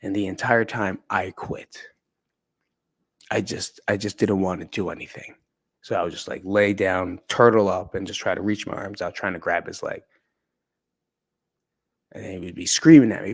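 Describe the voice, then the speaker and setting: A man's voice: deep voice, steady tone, moderate pace, pauses often, breathy edge. A man candidly telling a personal story in a conversational, profane way. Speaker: podcast speaker.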